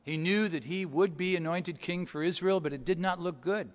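A man preaches a sermon built around storytelling, moving at a moderate pace, sinking into quiet asides and then swelling into loud, emphatic points. His slightly high voice rings out with a long church reverb.

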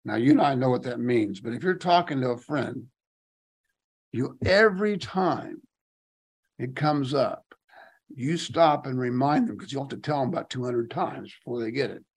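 A man's voice: medium pitch, lively intonation, moderate pace, slightly rough. A man leading a Bible study, reading scripture aloud and commenting on it in casual asides, rising emphatically on key phrases. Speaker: Bible teacher.

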